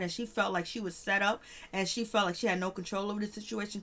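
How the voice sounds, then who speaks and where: A woman with talks through a reality TV episode in a loose, chatty way. She laughs a lot and slips into lively voices when quoting people. Her voice sits in a middle pitch. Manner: chatty, laughing, acts out quotes in animated voices. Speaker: reality TV recap host. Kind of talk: casual recap commentary.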